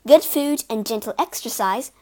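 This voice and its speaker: A woman reading a storybook aloud in a slow, clear way, giving the characters voices. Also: fairly high pitch, expressive, mellow. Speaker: storybook reader. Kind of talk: storybook narration for learners.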